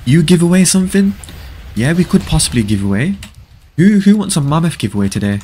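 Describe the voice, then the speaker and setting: A man's voice: a little high, sing-song, brisk, dark tone, slight background noise. A man hosting a casual live gaming stream, reading viewers' chat aloud, answering it and repeating short stock praise in a laid-back way. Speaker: livestream host.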